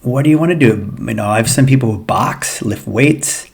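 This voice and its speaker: A man's voice: medium pitch, normal speed, gravelly. A man, a physical therapist, talking to viewers in a casual, earnest coaching monologue about feeling emotions in recovery. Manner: earnest, repetitive, coaching tone addressing viewers as guys. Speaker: physical therapist giving pain recovery advice. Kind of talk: casual educational monologue to camera.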